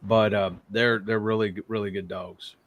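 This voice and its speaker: A man's voice: level tone, normal speed, no room sound, narrow, tinny audio. A man co-hosting a casual livestream, teasing his guests and laughing often. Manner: teasing, laughs often, jumps to high-pitched mock exclamations. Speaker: co-host of a homestead livestream. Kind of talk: casual chat. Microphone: video call.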